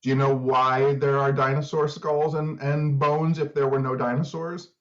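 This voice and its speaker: A man's voice: medium pitch, level tone, moderate pace, dull audio. A man co-hosting a podcast in casual, joking chat, laughing easily. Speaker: podcast co-host.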